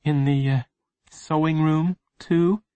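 Man playing a fretful, eager young boy, raised pitch, unsure. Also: fairly even intonation, slow, dark tone, clean tone, no room sound. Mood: nervous. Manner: nervous, hesitant. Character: anxious, eager schoolboy.

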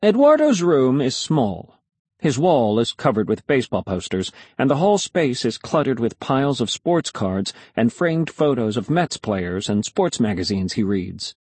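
A man's voice: medium pitch, very animated, moderate pace, darkish tone, slightly rough, no room sound. A man reading a children's story aloud in the first person, expressively. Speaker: audiobook narrator.

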